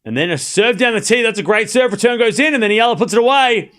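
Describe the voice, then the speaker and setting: Talking fast, a high-voiced, bright-sounding man streams tennis commentary live, keeping score aloud and chatting with the audience. He swings widely in pitch and grows loud and excited at the important points.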